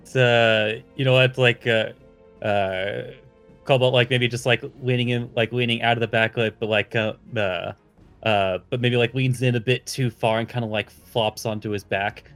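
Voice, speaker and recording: A man's voice: medium pitch, steady tone, moderate pace, a bit bright, faint music behind. A man playing a tabletop game, describing his character hesitantly with many fillers. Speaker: player.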